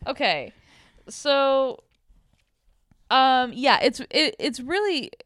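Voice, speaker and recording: A woman's voice: sits high, big pitch swings, very slow, a bit bright. A young woman co-hosting a podcast, rambling playfully about a movie. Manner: rambling, playful, full of fillers. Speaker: podcast co-host. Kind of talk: casual movie review chat.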